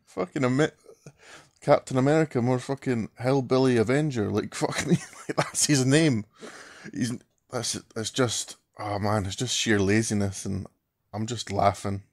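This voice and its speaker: A man's voice: mid-range voice, unhurried, no echo, clean studio sound. A man in a casual rant to camera, mocking and swearing a lot, laughing through his words. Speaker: vlogger.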